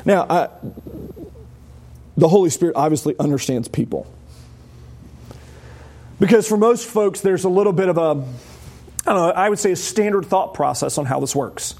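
A man's voice: high voice, expressive, moderate pace, long pauses, darkish tone. A man preaching a sermon as a pastor, conversational and emphatic, asking the congregation rhetorical questions. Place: church.

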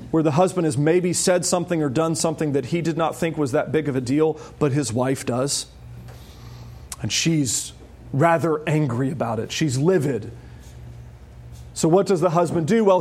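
A man preaching an expository sermon, emphatic, with wry asides and high urgent peaks on key points. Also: darkish tone. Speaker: pastor.

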